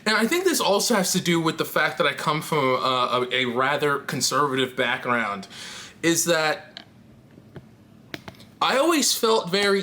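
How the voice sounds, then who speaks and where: A woman's voice: sits low, a bit bright, a little hiss or hum. A trans woman vlogging to camera in a candid, rambling chat, laughing often and swearing casually.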